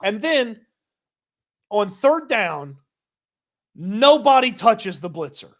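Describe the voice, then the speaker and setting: A man co-hosting a sports podcast, recapping a football game play by play in a casual, quick, laughing manner. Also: high-pitched, very animated. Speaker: podcast co-host.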